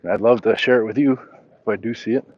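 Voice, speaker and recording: A man's voice: on the low side, fast talker, muffled recording. A man hosting a casual walk-and-talk livestream, reading chat messages aloud and answering them as he walks. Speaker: livestream host.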